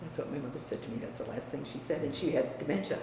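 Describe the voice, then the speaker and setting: A woman's voice: deep voice, quick pace. Older woman in an echoey room. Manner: frank, emphatic, trails into quiet. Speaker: interviewee. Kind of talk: family reminiscence. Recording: echoey room, distant mic, faint hiss.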